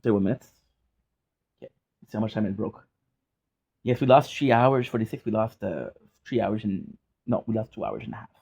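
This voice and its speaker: A man's voice: fairly low pitch, normal speed, vocal fry, pauses often, darkish tone, husky. Rambling young man on a dull mic. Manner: rambling, restarts and fillers, swears casually. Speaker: gaming vlogger. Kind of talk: casual rambling vlog chat. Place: hot apartment.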